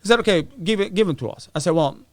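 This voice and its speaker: A man's voice: sits high, rapid-fire, dry recording. A middle-aged man, a podcast guest, telling a story in a casual, profane way, acting out the voices of people he quotes. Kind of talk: storytelling interview.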